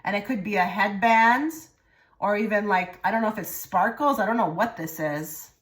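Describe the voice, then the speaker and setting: A woman giving a pick-a-card tarot reading to her viewers, rambling and repeating herself, often trailing into soft murmured phrases. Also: mid-range voice, normal speed. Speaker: tarot reader.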